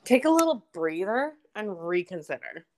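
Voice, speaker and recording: Her medium-pitched voice moves at a moderate pace as this young woman co-hosts a podcast. She chats casually and tells a lively story, cursing a lot.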